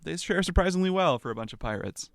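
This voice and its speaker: Man, game master, lively pitch, dry close sound, casual fillers. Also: fast talker, gravelly, no echo. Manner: animated, laughing, frequent fillers. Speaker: dungeon master. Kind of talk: narrating a tabletop game.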